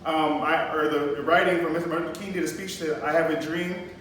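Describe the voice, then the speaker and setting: Male teacher running a poetry lesson; high voice, patient explaining, frequent "okay?" check-ins, recorded from across a very echoey classroom. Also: steady tone, brisk, fairly bright tone. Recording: echoey classroom, mic far off, faint noise.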